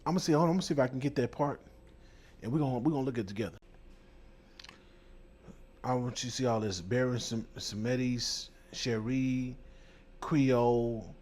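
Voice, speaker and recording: A man's voice: medium pitch, a little mellow, a little hiss or hum. A man hosting a heated commentary, talking bluntly and mockingly with plenty of profanity. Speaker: host.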